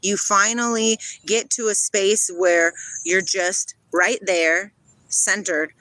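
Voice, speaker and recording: A woman's voice: mid-range voice, fairly even intonation, slow pace, sharp tone, no room sound, low-quality recording. A woman talks into her phone outdoors by a river while livestreaming. Her chat is playful and dreamy and leans toward spiritual talk. She reads viewer comments aloud and answers them as she goes. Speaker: livestream host.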